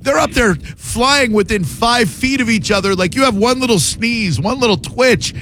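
A man's voice: very high-pitched, moderate pace, bright, forceful tone, slight background noise. Slangy, jokey male radio talk host. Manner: loose, jokey, slangy banter. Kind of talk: casual call-in radio chat.

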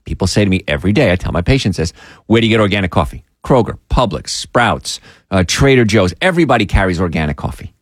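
Speaking fast in a low voice, a man runs a call-in health radio show from a studio mic, and the recording is dry. He's forceful and animated, with pleading asides mixed in.

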